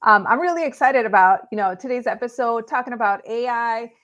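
A woman's voice: fairly high pitch, a little fast, fairly bright tone, muffled recording. A woman from Los Angeles, a real estate agent and guest, talking in an upbeat, chatty way. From Los Angeles, California. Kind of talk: casual interview.

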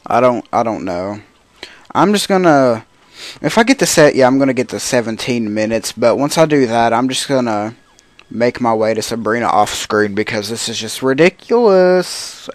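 A man's voice: mid-range voice, expressive, moderate pace, no echo. A man giving casual gameplay commentary as a let's play host, grumbling to himself in frustration.

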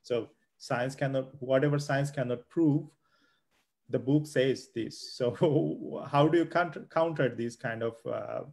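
A man's voice: mid-range voice, unhurried, creaky, a little mellow. A man hosting an interview, asking audience questions with frequent hesitations and restarts. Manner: hesitant, many fillers and restarts. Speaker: host interviewer.

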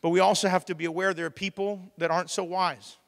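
A man, preaching a lively sermon and acting out the voices he quotes. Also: sits high, quick pace. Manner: animated, plays out quoted voices, laughs often. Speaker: pastor. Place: church hall. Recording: long hall reverb.

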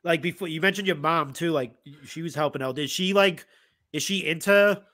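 A man hosts a podcast with a fairly high, bright voice. He reacts with quick exclamations and asks follow-up questions in a loose, casual interview. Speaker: podcast host.

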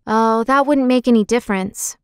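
A woman's voice: a little high, animated, unhurried, clear, resonant tone, no room sound, studio quality, pitched above the performer's own voice. A woman voicing a cheerful, trusting young boy in a storybook reading, friendly and openly affectionate.

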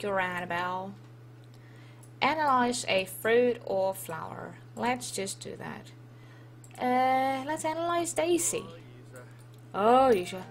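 A woman with a Dutch accent gives relaxed, unhurried commentary over a life-sim game. She chats playfully and reads the game's prompts aloud, with a faint hum in the background. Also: fairly high pitch. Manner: chatty and playful, reads on-screen text aloud. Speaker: let's play host. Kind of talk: casual gameplay commentary.

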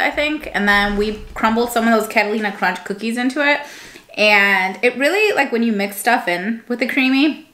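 A young woman vlogging in a casual, rambling chat, full of fillers and quick self-corrections. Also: fairly high pitch, pushed and bright.

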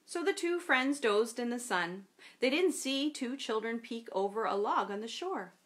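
A woman pastor reading a children's story in a worship service, with a gentle storybook delivery. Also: a little high, animated, normal speed.

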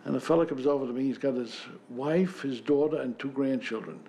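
Older man with a gravelly voice. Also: mid-range voice, brisk, warm tone, a little hiss or hum. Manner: folksy storyteller acting out both sides of a dialogue. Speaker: actor interviewed about a sitcom. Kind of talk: casual interview anecdote.

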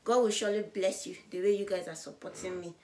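Woman, vlogger, loud and bubbly, high voice, mid pitch. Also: steady tone, fast talker. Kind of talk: casual vlog to camera.

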